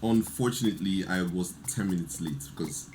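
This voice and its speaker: A man, telling a lively story in casual chat and acting out the quotes. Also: low-pitched, a little fast, faint music behind. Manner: animated storyteller, laughs often, acts out quotes. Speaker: podcast guest.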